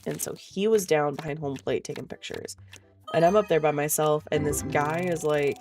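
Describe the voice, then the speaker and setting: Gravelly-voiced woman telling a profane story. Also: sits low, normal speed, darkish tone, soft background music. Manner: chatty, profane, laughs often. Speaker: vlogger. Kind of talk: casual storytelling chat.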